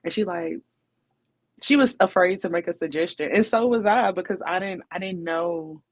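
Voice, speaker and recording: A woman's voice: fairly low pitch, normal speed. Chatty woman podcast co-host. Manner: chatty, rhetorical, keeps asking "you know what I'm saying". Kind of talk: casual relationship chat.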